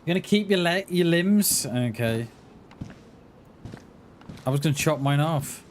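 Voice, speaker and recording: A man's voice: fairly high pitch, animated, measured pace, slight background noise. A man chatting playfully with viewers while livestreaming a game. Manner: playful, jokey banter with chat. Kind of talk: casual chat while gaming.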